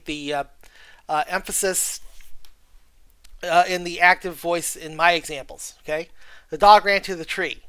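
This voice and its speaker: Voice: mid-range voice, sharp tone, dry recording. A college writing instructor giving a recorded video lecture, reading textbook passages aloud, with frequent "okay?" check-ins and "uh" fillers.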